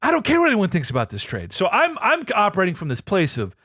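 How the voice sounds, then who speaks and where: Excitable animated male podcast host. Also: fast talker, no room sound, studio quality. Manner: excitable, profane, swings between low asides and loud outbursts. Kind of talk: animated casual storytelling.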